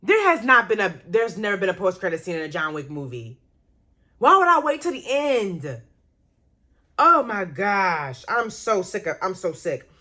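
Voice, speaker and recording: A young woman chatting casually with her viewers about movies, her voice swinging high and low as she exclaims and laughs. She talks in a loose, animated way. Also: normal speed. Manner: animated, laughing and exclaiming, reacting to chat comments. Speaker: radio host reviewing movies. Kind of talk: casual livestream chat with viewers.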